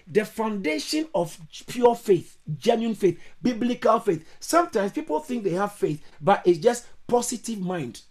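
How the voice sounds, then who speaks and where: A male pastor preaching a sermon to an online church service, emphatic, repeating his phrases and breaking into sudden high exclamations. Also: sing-song, a little slow, hardly any pauses, a little mellow. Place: online church service over video call.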